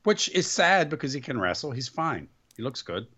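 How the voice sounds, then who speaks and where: A man co-hosting a casual wrestling podcast, chiming in with quick reactions and opinions. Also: medium pitch, very animated, fairly bright tone, husky. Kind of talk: casual chat.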